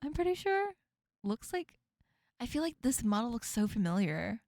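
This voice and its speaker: A woman's voice: a little high, very animated, moderate pace, darkish tone, no echo, clean studio sound. A young woman streamer chatting casually while reacting to a video, giggling often. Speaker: VTuber streamer.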